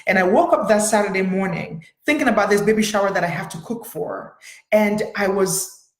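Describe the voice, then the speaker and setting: A woman's voice: mid-range voice, brisk, reverberant. A woman therapist sharing a personal story in an earnest, storytelling way, with many fillers. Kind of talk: personal talk to camera.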